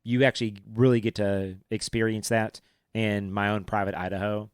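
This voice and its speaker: A man's voice: on the low side, little pitch movement, moderate pace, clean tone, no echo, clean studio sound. A man hosting a movie podcast in casual chat, rambling with many fillers and restarts. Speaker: podcast host.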